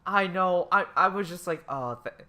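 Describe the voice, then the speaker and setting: Bright-voiced excitable male podcast co-host. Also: high-pitched, moderate pace. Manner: excited, swearing, acts out quotes in animated voices. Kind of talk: casual chat.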